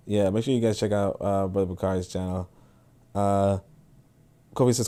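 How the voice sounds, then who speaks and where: A man hosting a podcast livestream, reading comments and reacting in casual, animated commentary with swearing and repeated words. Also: on the low side, normal speed, pauses often. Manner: animated, profane, repeats himself. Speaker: podcast host.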